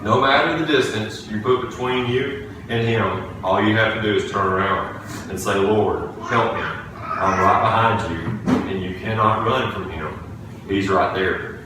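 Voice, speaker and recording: A man's voice: fairly low pitch, a little slow, noisy background. A man preaching a sermon in a church, telling a personal story earnestly and restarting phrases as he goes. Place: church sanctuary. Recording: echoey room, distant from the mic.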